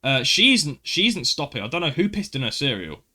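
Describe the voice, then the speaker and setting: A man who hosts a podcast and tells a story in an animated way, acting out the dialogue with frequent "I was like" asides. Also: mid-range voice, fairly quick. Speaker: podcast co-host. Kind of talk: casual storytelling.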